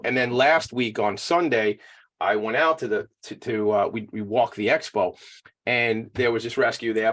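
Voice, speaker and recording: A man co-hosting a casual chat, rambling and excitable and tripping over his words. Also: medium pitch. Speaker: podcast co-host.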